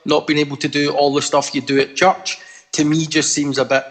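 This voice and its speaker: A man's voice: a little high, level tone, a little fast. A man, a pastor, speaking plainly and steadily on a video call.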